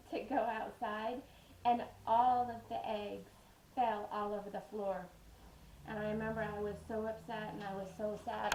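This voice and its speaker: A woman's voice: medium pitch, reverberant, heavy background noise. A woman telling stories in a casual, rambling way while she bakes bread in her home kitchen. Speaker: home cooking vlogger. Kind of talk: casual storytelling while baking.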